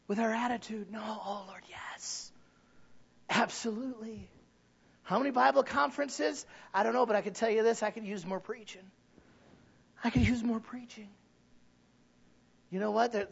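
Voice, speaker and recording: A middle-aged man preaching a sermon, swinging from quiet conversational asides to loud shouted passages and acting out little scenes in voices. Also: very high-pitched, vocal fry, breathy edge, highs cut off. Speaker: pastor. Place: church.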